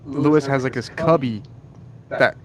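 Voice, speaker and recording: A man building a PC on a live stream, chatting casually and in a hurry. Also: medium pitch. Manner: hurried and easygoing. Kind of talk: casual chat while working.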